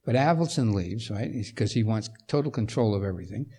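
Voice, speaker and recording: A man's voice: lowish voice, brisk, husky. An older man, a composer-conductor, telling anecdotes to a luncheon audience and acting out the voices of people in his stories. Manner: animated storyteller who acts out quoted voices.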